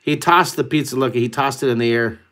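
A man hosting a live online drawing lesson, talking excitedly and rambling as he draws and makes up a story. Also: mid-range voice, brisk.

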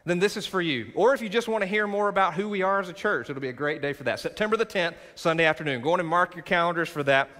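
A bright, forceful man preaches from the front of a sanctuary, his voice carrying on a long hall reverb. He pushes his points with rising emphasis and calls on the congregation to respond. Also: high-pitched, animated, fast talker, few pauses. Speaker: pastor. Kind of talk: sermon. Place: large church sanctuary.

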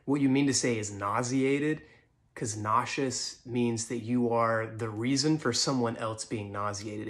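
A man playing a condescending man who quietly corrects his date's grammar. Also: mid-range voice, close to an everyday voice. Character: condescending, pedantic man on dates.

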